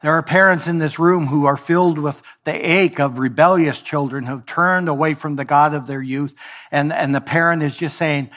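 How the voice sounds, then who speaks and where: A male pastor preaching a sermon in a church, voicing scripture and God's words with swings from loud emphasis to hushed tones. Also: fairly high pitch, normal speed. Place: church sanctuary.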